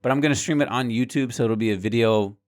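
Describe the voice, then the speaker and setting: A man's voice: medium pitch, fast talker. Frank, swearing young-sounding man venting. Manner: frank and heated, swears freely, repeats words when worked up. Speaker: small gaming YouTuber and streamer. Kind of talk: candid vlog rant to camera.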